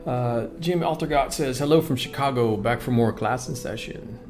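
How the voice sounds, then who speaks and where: A man's voice: medium pitch, moderate pace, darkish tone, soft background music. A man hosting a live stream, greeting viewers and reading their comments aloud in a casual, upbeat way. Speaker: livestream host.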